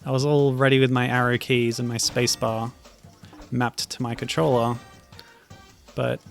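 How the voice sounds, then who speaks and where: A man streams old web games and gives casual gameplay commentary, talking in a hesitant, halting way with many fillers and sometimes reading the game text aloud. His medium-pitched voice is flat with vocal fry, and soft music plays in the background.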